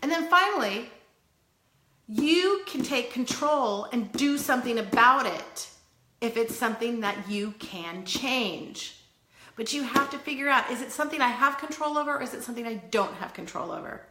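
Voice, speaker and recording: A woman giving an earnest, tough-love motivational talk, chatty with quick asides. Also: fairly high pitch, expressive, pushed and bright, roomy sound. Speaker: wellness vlogger.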